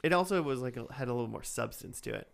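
Gravelly man recapping casually. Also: medium pitch, animated, quick pace. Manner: chatty, rambling recap with many fillers. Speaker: podcast co-host recapping a cartoon. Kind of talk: casual chat.

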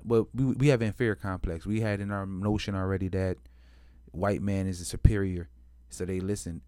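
A man with a low, smooth, mellow voice tells a history story in loose street slang, swearing freely and restarting his sentences. He acts out both sides of the story in quoted voices. The sound is dry and close. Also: no room sound. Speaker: history commentator. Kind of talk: casual history talk.

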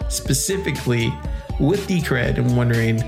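A man hosting a casual podcast in a lively, swooping voice, hyped and joking, laughing often and leaping into high exclamations. Music plays clearly behind him. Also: normal speed. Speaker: podcast host. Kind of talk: casual crypto podcast talk.

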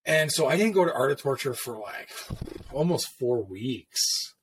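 A veteran male tattoo artist tells stories from his career, rambling along casually with plenty of profanity and filler words. His voice is medium-pitched and expressive, his pace measured, with slight background noise audible.

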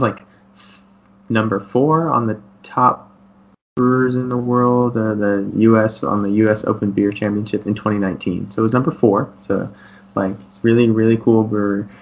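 A man's voice: fairly low pitch, highs cut off, a little hiss or hum. A man from Texas co-hosting a casual beer podcast, chatty and self-deprecating, with lots of ums. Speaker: podcast co-host. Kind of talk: casual chat.

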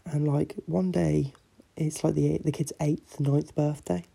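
A man's voice: a little high, little pitch movement, measured pace, vocal fry, dark tone, slightly rough. A man hosting a podcast, telling a long joke in a rambling, casual way full of fillers. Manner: rambling, filler-heavy storytelling. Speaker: podcast host.

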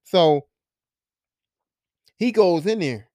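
A man's voice: high-pitched, expressive, drawn-out words, mellow. Profane, rambling male podcaster. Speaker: podcast host. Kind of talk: casual show recap.

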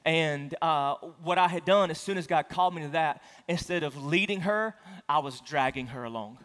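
In front of his church, a pastor shares a personal tale casually, poking fun at himself during a conversational sermon. His voice is a little high and a bit bright, at a moderate pace, echoing with long hall reverb in the sanctuary.

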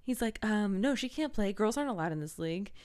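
A woman's voice: medium pitch, lively intonation, quick pace, a little mellow, smooth. A woman co-hosting a podcast, casually recapping a film, acting out the characters' lines and laughing often. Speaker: podcast co-host. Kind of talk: casual movie recap chat.

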